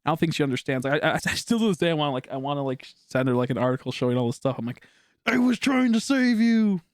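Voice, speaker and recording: A man's voice: mid-range voice, rapid-fire, no room sound, studio quality. A man streaming, chatting casually with viewers in a rambling way, with lots of filler words and frequent swearing.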